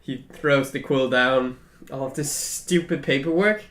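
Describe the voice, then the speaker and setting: A man's voice: medium pitch, measured pace, a bit bright, reverberant, close to an everyday voice. A man voicing a male encampment leader and former scout, earnest and rambling with many fillers, in a tabletop role-play game.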